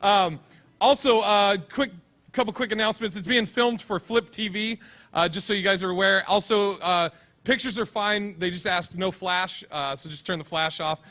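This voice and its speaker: A man's voice: high-pitched, moderate pace, pushed and bright. A man hosting a comedy show on stage, making easygoing announcements full of fillers before introducing the first comic. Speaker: show host and emcee.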